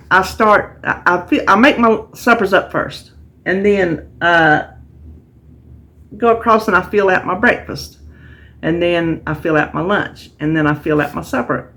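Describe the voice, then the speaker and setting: A woman's voice: on the low side, moderate pace, a bit bright. A middle-aged woman, chatting casually and a bit tiredly to camera, rambling with restarts as she talks. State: tired, yawning. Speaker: vlogger sharing a weekly menu plan.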